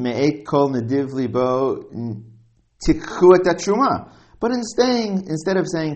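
A man teaching a Bible text study, reading Hebrew verses aloud and translating them, with frequent pauses. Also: medium pitch. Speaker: Torah teacher.

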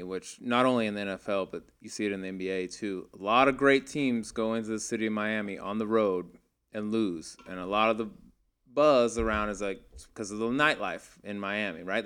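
A man's voice: lowish voice, fairly quick, fairly bright tone, clean tone. A man co-hosting a podcast in a studio, chatty and asking long rambling questions. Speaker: podcast co-host. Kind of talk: casual chat.

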